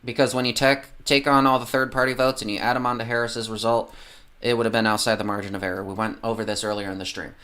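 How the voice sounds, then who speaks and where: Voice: mid-range voice, level tone, fast, fairly bright tone. A livestreamer ranting casually about politics, heavily profane and rambling, often losing the train of thought.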